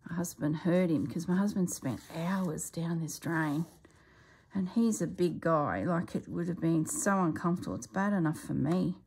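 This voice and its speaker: Gravelly woman murmuring while stitching. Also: lowish voice, normal speed, a little mellow. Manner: rambling, talks herself through the stitches in a murmur. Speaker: crafting vlogger. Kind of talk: casual chat while stitching.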